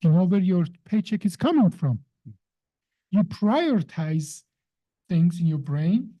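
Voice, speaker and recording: A woman's voice: on the low side, expressive, measured pace, muffled recording. A woman explaining how the brain works in a conversation, in an emphatic, teacherly way, often putting questions to the listener. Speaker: science guest explaining the brain.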